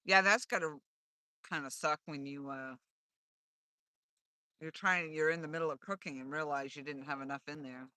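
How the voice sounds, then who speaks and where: A woman's voice: sits low, steady tone, moderate pace, pauses often, pushed and bright, no room sound, clean studio sound. A woman hosting a casual live stream from a lake dock, chatting and reading viewer comments aloud with playful wordplay. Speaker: livestream host.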